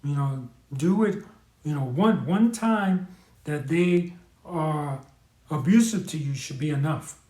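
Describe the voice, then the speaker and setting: A man from New hosts a live stream, talking candidly and earnestly with many fillers and restarts. His voice sits a little high for a man. The room gives the sound a clear echo. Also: slow pace, warm tone. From New York. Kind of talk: casual live-stream advice talk.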